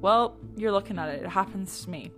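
A young woman telling stories about her week in a casual, animated way, swearing freely and saying "like" a lot. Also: medium pitch, a little fast, over music. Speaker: vlogger. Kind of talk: casual storytelling.

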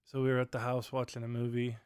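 A podcast host talks solo at home at night, rattling off rambling stories at a quick pace, heavy with fillers. His medium-pitched voice is completely flat in delivery, clean in tone, and recorded at studio quality without room sound.

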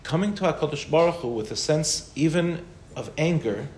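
Here the rabbi's voice sits fairly high and sounds a little mellow, lively, and at normal speed. He answers questions in a relaxed Torah class, drawing on Hebrew and Yiddish, in an echoing room with faint background noise.

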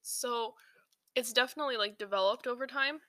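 A woman's voice: a little high, brisk, bright, forceful tone, no room sound. A young woman hosting a podcast in a casual, rambling chat, full of fillers and restarts. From South Asia. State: slightly out of breath while eating. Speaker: podcast host.

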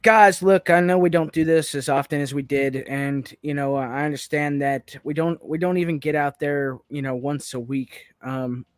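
A man's voice: on the high side, fairly even intonation, normal speed, few pauses, no room sound, studio quality. A man co-hosting a podcast in casual chat, giggly and rambling. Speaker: podcast co-host.

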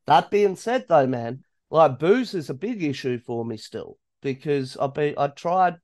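A man's voice: fairly high pitch, lively intonation, unhurried, darkish tone, dry recording, clean studio sound. A man hosting a podcast, talking openly and earnestly in a casual, profane way. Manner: open and earnest, with casual swearing. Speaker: podcast host. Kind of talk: casual conversational chat.

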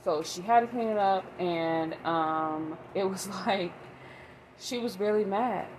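Woman, mom vlogger, mid-pitch, rambling emphatic talk, faint hiss behind. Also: slow pace. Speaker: mother vlogger. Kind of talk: casual monologue.

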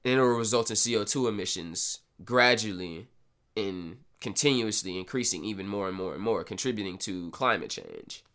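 A man's voice: fairly low pitch, animated, normal speed, fairly bright tone, smooth. A man hosting a podcast, explaining history in a loose, casual way with sarcastic asides and frequent self-corrections. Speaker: podcast host. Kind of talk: casual educational podcast talk.

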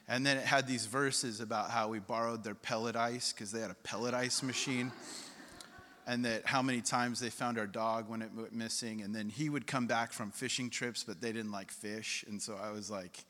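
Pastor preaching with bright, ringing tone. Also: male voice, on the low side, steady tone, moderate pace. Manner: storytelling, rising to emphatic repetition. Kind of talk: sermon. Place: church hall. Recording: long hall reverb.

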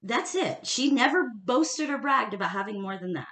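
A woman's voice: a little high, expressive, moderate pace, fairly bright tone, roomy sound. A woman co-hosting a casual history podcast, talking emphatically and laughing often. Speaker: podcast co-host.

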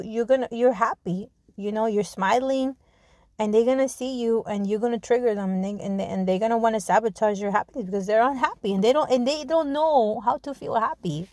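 A woman hosting her own podcast in casual talk, blunt and animated, swearing freely and often restarting her sentences. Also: fairly high pitch, no room sound. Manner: restarts and repeats words often. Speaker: podcast host. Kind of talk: casual spoken monologue.

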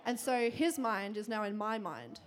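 A young woman giving a sermon to a congregation, telling a personal story in a chatty, quick way with lots of fillers and frequent laughter. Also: mid-range voice, animated. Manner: chatty, fast, laughing often, many fillers. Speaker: church speaker.

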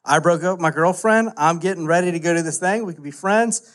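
A man, preaching a casual, animated story-driven sermon full of "like" fillers. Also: sits high, fast talker. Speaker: pastor.

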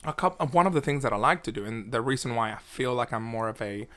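A man's voice: mid-range voice, animated, fast talker, fairly bright tone. A man, a drag performer, chatting casually and playfully on a podcast, wandering off topic.

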